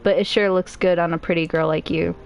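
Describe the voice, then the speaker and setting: A woman voicing a gruff but loving old grandmother while reading game dialogue aloud. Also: fairly low pitch, steady tone, a little fast, a little mellow, highs cut off, soft background music. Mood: gruff, tender. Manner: blunt, folksy, tender.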